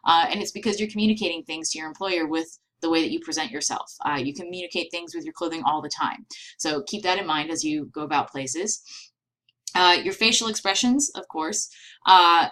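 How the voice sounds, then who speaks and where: Woman, lecturer, bright tone, lowish pitch, explanatory, filler words. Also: fairly quick, poor audio. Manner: explanatory, frequent fillers and "right?" checks. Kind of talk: recorded lecture.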